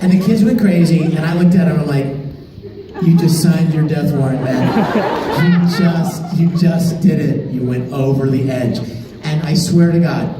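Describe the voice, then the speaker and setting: A man telling stories to fans as a convention panel guest, animated and laughing as he talks. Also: fairly high pitch, normal speed. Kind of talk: storytelling to a live audience. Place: large convention hall. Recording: echoey hall, far mic, crowd noise.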